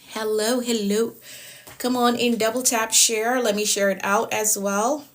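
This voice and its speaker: Woman, middle-aged, livestream life coach; upbeat, repetitive greetings, slight hoarseness. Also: mid-range voice. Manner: upbeat, repeats phrases, greets viewers by name. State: voice getting hoarse. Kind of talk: casual livestream chat greeting viewers.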